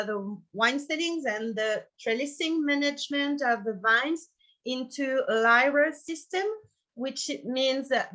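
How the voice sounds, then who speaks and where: A woman's voice: fairly high pitch, pushed and bright. A woman winemaker with a French accent presenting her estate over a video call, careful and a little apologetic about her English. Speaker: wine producer.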